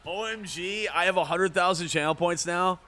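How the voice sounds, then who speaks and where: A man's voice: high voice, normal speed, sharp tone. A man streaming a baseball video game, joking and ribbing his chat in casual commentary. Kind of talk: casual livestream gaming commentary.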